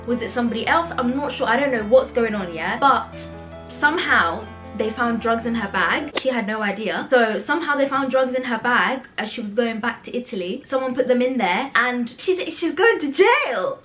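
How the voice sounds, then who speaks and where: High-voiced, outspoken woman. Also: moderate pace, over music. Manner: animated, outspoken, swears freely. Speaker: book vlogger. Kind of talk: casual reading vlog chat. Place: home, indoors.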